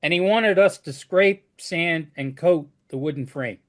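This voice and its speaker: Chatting casually, this man, who lays floors for a living, shares stories from work and keeps restarting what he's saying. He has a fairly high-pitched voice and a measured pace.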